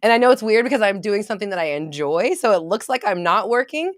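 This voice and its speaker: A young woman who works as a manifestation coach, chatting casually on a livestream and reading viewer comments, candid and quick to laugh and swear. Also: mid-range voice, very animated, no echo, clean studio sound. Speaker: manifestation coach and online creator.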